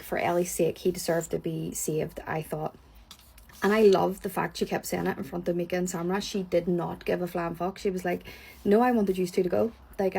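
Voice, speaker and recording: A Northern Irish woman with a husky, slightly low voice, talking casually through her opinions. She is blunt and frank and swears without a second thought. She sounds hot and bothered as she talks. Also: a little mellow. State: hot and sweaty. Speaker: reality TV reviewer. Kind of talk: casual reaction chat.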